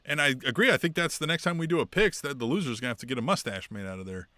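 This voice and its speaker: A man co-hosting a wrestling podcast, chatting casually and laughing through excitable retellings. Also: mid-range voice, rapid-fire, no echo, studio quality. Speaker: podcast co-host. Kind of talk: casual chat.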